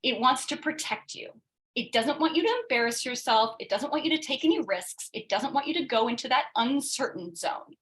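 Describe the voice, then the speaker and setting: Workshop presenter, woman, somewhat high voice, animated and conversational, on a video call. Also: a little fast, low-quality recording. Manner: animated, acts out quoted voices, frequent tag questions. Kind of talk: interactive coaching workshop talk.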